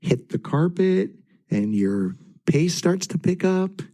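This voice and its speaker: Male guest, middle-aged, halting storyteller with a warm, dark tone. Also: sits high, sing-song. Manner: hesitant, frequent "uh" and restarts. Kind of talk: casual storytelling.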